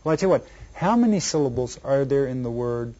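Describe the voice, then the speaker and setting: A man teaching an elementary Spanish lesson to children, repeating each word slowly and quizzing the listener. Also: mid-range voice, animated, warm tone. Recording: dull lo-fi recording.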